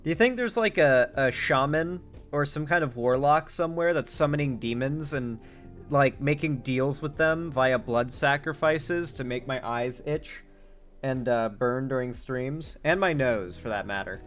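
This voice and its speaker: A man's voice: mid-range voice, unhurried, a bit bright, faint music behind. A man chatting casually on a live stream, rambling and joking with many fillers. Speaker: streamer, political commentator.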